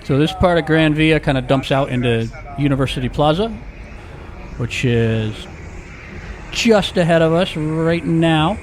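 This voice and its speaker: A man's voice: fairly high pitch, measured pace, a little hiss or hum. A man giving a casual walking-tour narration as a vlogger, chatty and full of jokey, rambling asides, recorded outdoors on city streets.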